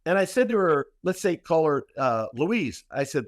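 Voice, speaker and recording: A man's voice: on the high side, expressive, moderate pace, no echo, studio quality. A man, a guest practitioner, telling a long story in a podcast interview, emphatic and repetitive with many restarts.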